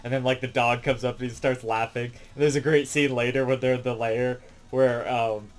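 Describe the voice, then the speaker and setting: A man's voice: medium pitch, little pitch movement, normal speed. A man casually recapping a movie plot as a reviewer, rambling along with lots of "um" and "like" fillers. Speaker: film reviewer.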